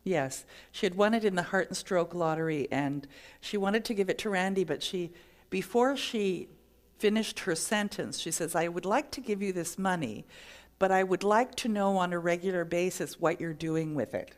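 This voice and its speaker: A woman's voice: lowish voice, moderate pace. A middle-aged woman minister giving a sermon, telling stories and acting out the voices in them. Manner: storytelling, acts out quoted voices.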